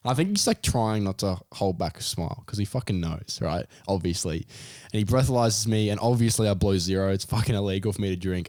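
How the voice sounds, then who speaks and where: A young Australian man casually telling a story on a podcast, animated, his voice jumping high as he retells his panic. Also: no echo, studio quality. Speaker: podcast co-host.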